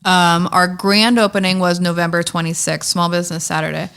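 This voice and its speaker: A woman's voice: on the low side, little pitch movement, brisk, creaky, a bit bright, clean tone. A woman talking casually on a podcast as a guest, upbeat and chatty, with lots of "like" and "um". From Pittsburgh area. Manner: chatty, upbeat storyteller with frequent "like" and "um". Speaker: guest, candle shop owner.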